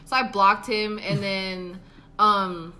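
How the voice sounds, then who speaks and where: A woman's voice: mid-range voice, takes it slowly. A woman in her twenties on a podcast, telling a dating story casually, acting out quotes with lots of swearing and laughter. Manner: animated, swearing, acts out quotes, laughs often. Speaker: podcast co-host.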